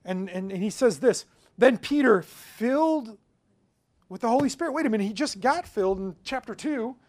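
A man preaching a sermon in a casual, conversational way, telling a personal story and swinging between loud emphasis and quiet asides. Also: very high voice, lively intonation, normal speed. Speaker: pastor.

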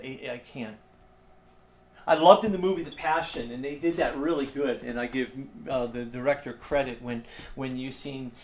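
Male preacher, mid pitch, passionate delivery with hushed repeats; faint noise under the recording. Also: echoey room. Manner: impassioned, swings from loud emphatic to hushed and repeated. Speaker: pastor. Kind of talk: sermon.

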